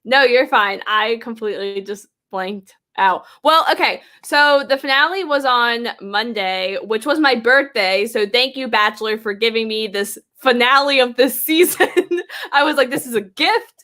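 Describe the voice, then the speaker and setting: A woman's voice: a little high, moderate pace, few pauses, sharp tone. A woman co-hosting a podcast in casual chat, upbeat and chatty, sprinkling "like" through her sentences. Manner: chatty and upbeat, with many "like" fillers. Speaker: podcast co-host.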